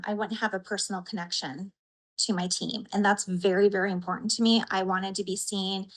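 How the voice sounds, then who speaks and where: A woman from Idaho, a patient giving an earnest, heartfelt personal account in an interview, pausing with soft fillers. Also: mid-range voice, poor audio. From Idaho, USA.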